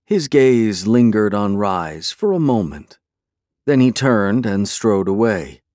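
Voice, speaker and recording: A man narrating a fantasy novel in a steady, measured storytelling manner. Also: lowish voice, no room sound, clean studio sound. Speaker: audiobook narrator.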